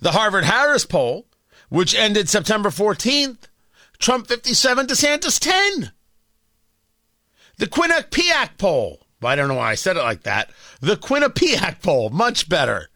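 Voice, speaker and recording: A sarcastic male talk radio host with a high, bright, ringing voice. His pitch leaps around as he hammers each point, recorded dry and close in the studio. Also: moderate pace, no room sound. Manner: sarcastic, emphatic, animated delivery. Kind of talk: opinionated talk radio monologue. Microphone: studio microphone.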